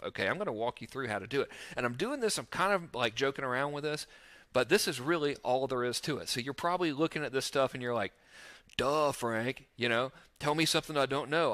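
Man, casual marketing lesson, joking and self-mocking, very lively pitch, bright tone. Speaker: internet marketing teacher. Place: outdoors overlooking the ocean.

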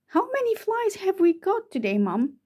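A woman voicing the smallest girl spider, an eager little one who loves numbers, asking bright, pleading questions in a storybook read-aloud. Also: very high voice, big pitch swings, normal speed, pitched above the performer's own voice.

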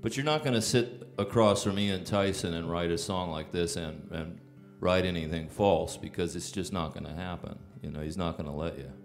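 Deep-voiced man, songwriter, rambling anecdotes, lots of fillers and restarts. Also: steady tone, moderate pace, few pauses, faint music behind. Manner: rambling, with frequent fillers and restarts, breaks into laughter. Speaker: songwriter telling stories on stage. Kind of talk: casual anecdotal storytelling.

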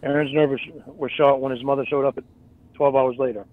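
A man reading a story aloud in a flat, rapid way. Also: medium pitch. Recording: tinny phone-like line.

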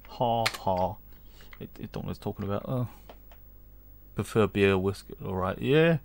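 A man's voice: lowish voice, moderate pace, vocal fry, pauses often, noisy background. A man giving casual let's-play commentary, reading game text aloud, rambling, humming and chuckling as he goes. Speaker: gaming channel host.

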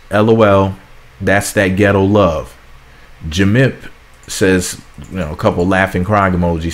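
A man with a fairly low voice hosts a casual celebrity gossip vlog. He reads viewers' comments aloud one after another and adds sassy remarks of his own. His delivery is loose and chatty, and he laughs at his own asides. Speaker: gossip channel host.

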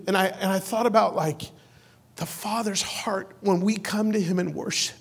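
A man in his forties preaching in a church, his fairly high voice rising from easy jokes to fervent, loud declarations. The sound rings with a long reverb from the sanctuary. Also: normal speed, gravelly, slightly rough. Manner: lively, joking, builds to loud passionate preaching. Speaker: pastor. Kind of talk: sermon.

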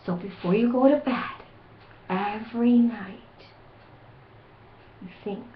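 An older woman reading a picture book to children, talking in a gentle, grandmotherly way. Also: fairly high pitch, slow, a little hiss or hum. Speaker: storybook reader. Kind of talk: children's read-aloud with gentle advice. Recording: roomy, dull home recording.

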